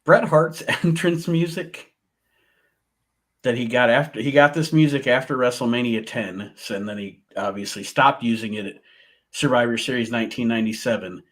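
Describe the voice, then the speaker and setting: A man's voice: mid-range voice, normal speed, a bit bright. A man in casual podcast chat, giving emphatic opinions and laughing often. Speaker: podcast co-host. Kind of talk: casual chat about wrestling.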